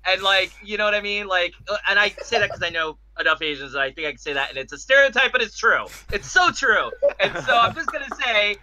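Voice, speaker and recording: A man co-hosting a casual podcast chat, animated and joking, rambling off on tangents. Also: high-pitched, quick pace, hardly any pauses, poor audio. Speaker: podcast co-host.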